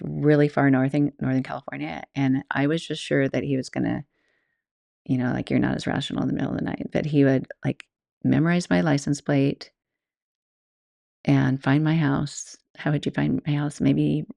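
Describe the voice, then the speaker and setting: Woman with heavy vocal fry. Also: sits low, a little mellow, dry recording, clean studio sound. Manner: chatty, rambling, laughs often. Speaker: podcast host and yoga teacher. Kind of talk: casual storytelling monologue.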